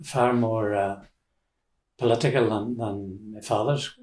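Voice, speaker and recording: An older man with an Irish Donegal accent, being interviewed, tells rambling family stories in casual conversation, restarting and chuckling along the way. His voice is fairly low and darkish, with a steady, unhurried tone. The recording has a roomy echo.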